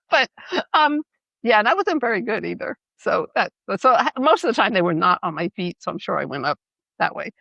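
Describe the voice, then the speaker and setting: A middle-aged woman from New York, co-hosting a podcast and telling animated, laughing stories in casual chat. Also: mid-range voice, a little fast, gravelly, dry recording, highs cut off. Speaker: podcast co-host.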